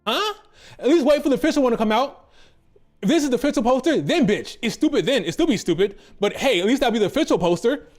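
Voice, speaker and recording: A man's voice: very high voice, lively intonation, fast. A man hosting a wrestling commentary channel, ranting in an exasperated, profane, repetitive way.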